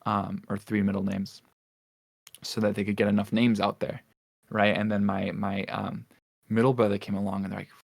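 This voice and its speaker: A man's voice: lowish voice, level tone, moderate pace, creaky, no room sound, clean studio sound. A young man co-hosting a podcast, talking casually and rambling with lots of fillers and restarts. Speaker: podcast co-host. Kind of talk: casual chat.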